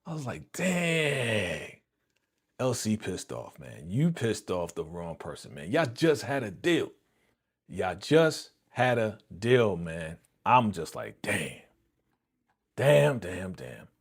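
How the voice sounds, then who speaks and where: A man hosting a live reaction stream, excitedly retelling a TV episode in slangy, chuckling casual talk. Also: lowish voice.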